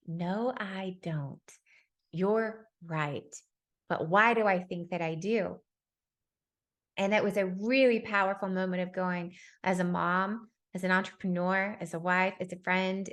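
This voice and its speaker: A woman's voice: medium pitch, a bit bright. Candid woman sharing parenting lessons. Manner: candid, self-laughing, many fillers. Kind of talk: personal reflective talk.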